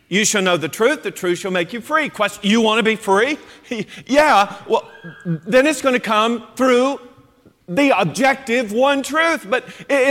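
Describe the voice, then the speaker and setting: A man preaching a sermon in an animated, emphatic way, acting out quoted voices as he goes. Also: high-pitched. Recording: long hall reverb.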